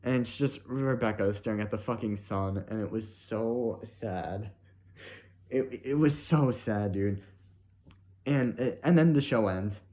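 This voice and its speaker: A man's voice: fairly low pitch, slow, dark tone. A young man giving a casual, emotional spoken review, rambling with many "like" and "right?" fillers and frequent swearing.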